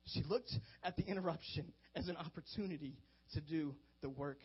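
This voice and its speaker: A man preaching a sermon as a pastor, animated and swinging between hushed and loud delivery, on a dull lo-fi recording. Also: a little high, normal speed, slightly rough.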